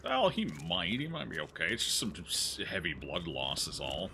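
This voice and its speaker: A man with a low, bright voice that moves up and down a lot talks casually over a game he is playing. He jokes, thinks aloud and reads out on-screen text, with a faint hiss behind him. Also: huge pitch swings, moderate pace, vocal fry. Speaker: gaming streamer. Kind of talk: casual let's-play commentary.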